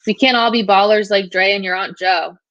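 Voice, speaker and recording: A woman's voice: mid-range voice, fairly even intonation, fairly quick, fairly bright tone, dry recording, lo-fi sound, lightly acted. A woman voicing a friendly, teasing teenage boy. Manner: teasing, casual.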